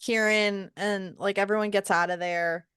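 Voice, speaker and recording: A woman co-hosting a casual book podcast, retelling the plot with animated quotes and sarcastic, swearing asides. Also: medium pitch, moderate pace, clear, resonant tone, no echo, clean studio sound. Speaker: podcast co-host.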